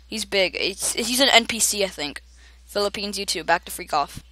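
A young woman giving excited gameplay commentary, often shouting at other players and laughing. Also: mid-range voice, moderate pace, no echo. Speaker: gamer.

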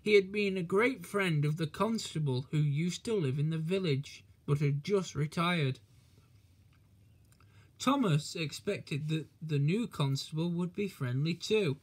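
A man reading a children's storybook aloud in a gentle, measured way. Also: fairly high pitch, husky.

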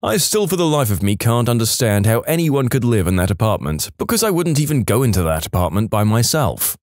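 A man narrating reddit stories in an animated, scripted storytelling manner. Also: medium pitch, no room sound, clean studio sound.

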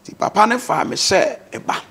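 A man's voice: on the high side, lively intonation, moderate pace, gravelly, breathy edge. A man with a Ghanaian accent, a guest on a talk show, earnestly telling his life story and mixing English words into his speech.

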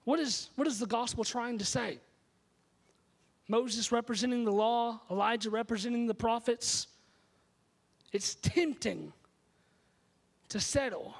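Male pastor with a high voice, emphatic storytelling sermon in a church sanctuary. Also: a little slow, vocal fry, long pauses, husky.

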